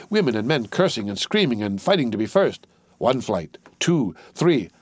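Brief: male audiobook narrator, mid-pitched, steady and measured, dry close sound. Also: dry recording.

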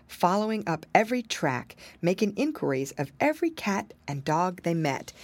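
A woman reading a fairy tale aloud in an expressive, measured storybook style. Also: lowish voice, no echo. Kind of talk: storybook narration.

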